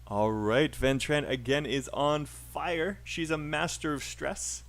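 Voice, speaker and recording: A man's voice: a little high, fairly even intonation, takes it slowly, creaky. A man with a British accent teaching a live online English pronunciation class, upbeat and encouraging with frequent fillers.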